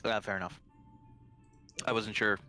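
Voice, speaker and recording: A man's voice: lowish voice, little pitch movement, unhurried, pushed and bright, faint music behind. A man helping moderate a stream, answering casually in agreeable, laid-back replies. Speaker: moderator and co-host. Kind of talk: casual chat.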